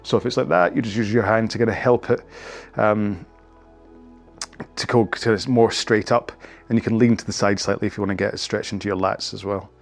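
A man's voice: on the low side, fairly even intonation, a little fast, gravelly, faint music behind. A man hosting a fitness video, chatting in a rambling, self-mocking way while he leads stretches after a rowing workout.

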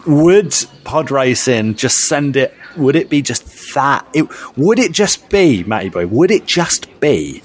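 A man's voice: slow pace, few pauses, husky. A man co-hosting a casual fan podcast, ranting in exasperation with big jumps in his voice. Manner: animated, exasperated ranting with big pitch swings. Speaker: podcast co-host.

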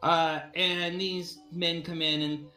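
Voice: medium pitch, little pitch movement, takes it slowly, bright, forceful tone. A game master narrating a tabletop game in a loose, rambling way, full of fillers and asides. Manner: rambling, with frequent fillers and laughs. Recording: echoey room with faint music.

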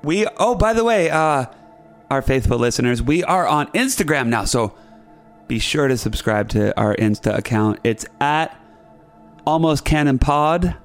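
A man's voice: mid-range voice, expressive, measured pace, faint music behind. A man co-hosting a podcast in casual, joking chat. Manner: joking, slips into mock Irish and Scottish accents. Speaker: podcast co-host.

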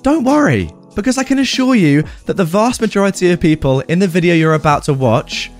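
A man hosting and narrating online stories in an upbeat, lively read. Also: high-pitched, a little fast. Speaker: host and story narrator. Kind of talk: scripted online story narration. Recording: voice-over with faint music behind.

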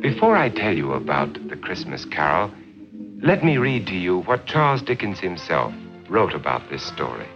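Deep-voiced man reading dramatically. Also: huge pitch swings, moderate pace. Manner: theatrical, emphatic. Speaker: storyteller. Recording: muffled 1949 broadcast with music.

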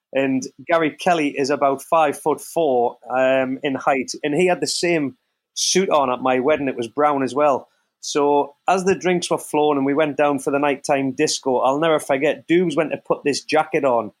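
Man, slightly high voice, lively storyteller, podcast co-host. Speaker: co-host, former footballer. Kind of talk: casual podcast chat.

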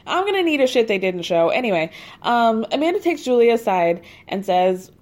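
A woman hosting a podcast who gives a casual, chatty recap, telling the story in an animated way, swearing freely and laughing at her own asides. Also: a little high, moderate pace. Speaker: podcast host recapping a reality show.

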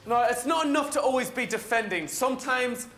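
A man's voice: extremely high pitch, expressive, fairly quick, fairly bright tone. An actor playing an earnest young male activist, pleading with a group in a film clip. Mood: urgent. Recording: roomy film clip with faint ambience.

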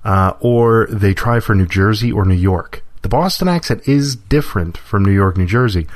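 A man's voice: fairly low pitch, animated, normal speed, no room sound, studio quality. A man co-hosting a podcast, talking casually with wry, joking asides. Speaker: podcast co-host.

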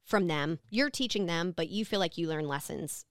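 Smooth, low-voiced woman host. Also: normal speed, dry recording, clean studio sound. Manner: affirming, encouraging interviewer. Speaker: podcast host. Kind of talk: casual interview.

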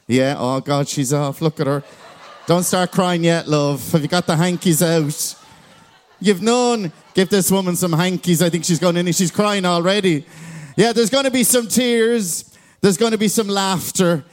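High-voiced Irish man warming up a crowd. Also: moderate pace. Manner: chatty, teasing banter with the crowd. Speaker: master of ceremonies. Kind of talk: live stage introduction to an audience. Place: large concert venue, crowd present.

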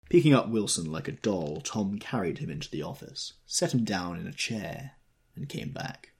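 Male narrator for literary audiobook; low, husky, expressive, animated phrasing. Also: a little fast.

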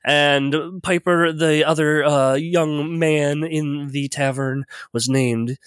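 A man's voice: a little high, steady tone, slow, fairly bright tone, clear, resonant tone, no room sound. A man running a tabletop game as game master, recapping in a rambling, joking way full of hesitations.

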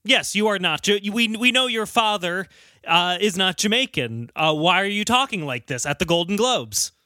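A man's voice: high-pitched, animated, normal speed, sharp tone, no room sound, clean studio sound. A man co-hosting a podcast in casual chat, wry and joking. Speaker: podcast co-host.

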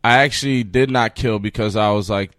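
A young man from Queens, a rapper guest, chatting casually in a laid-back, unhurried, slangy way. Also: fairly low pitch, fairly bright tone, no echo, clean studio sound. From Queens, New York. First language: Arabic. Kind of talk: casual interview chat.

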